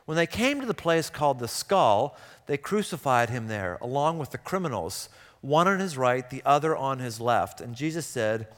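A man's voice: medium pitch, very animated, normal speed, a bit bright, long reverb tail. A man preaching a sermon, telling stories and breaking into impassioned, rising outbursts. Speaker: pastor.

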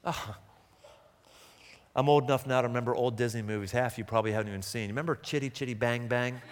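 A man's voice: medium pitch, fast talker. Preaching man in a reverberant hall. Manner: preaching with sudden impassioned outbursts. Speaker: pastor. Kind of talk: sermon.

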